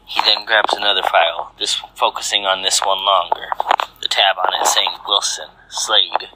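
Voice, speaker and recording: A man narrating a fanfiction story aloud in a steady, measured way. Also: low voice, a little hiss or hum, low-quality recording.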